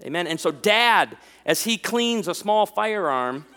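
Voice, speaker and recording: A man in his thirties preaching a sermon, telling stories with jokes in an animated way. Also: high-pitched, a little slow, in a large hall. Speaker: pastor.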